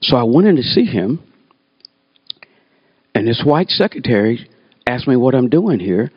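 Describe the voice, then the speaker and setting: A man's voice: mid-range voice, a little slow, slightly rough, no echo. An older man in his sixties shares stories from his own life, and he slips into the voices of the people he quotes. The sound is dry and a bit dull, with no room around it. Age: 60s. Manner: animated, acts out voices in quotes. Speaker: storyteller. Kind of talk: personal storytelling talk.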